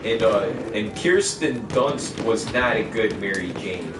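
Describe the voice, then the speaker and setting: Male game streamer, mid-pitched, rambling and foul-mouthed, heard from a distant mic in an echoey room with background hiss. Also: animated, unhurried. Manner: rambling, profane, opinionated. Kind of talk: casual gaming livestream chat.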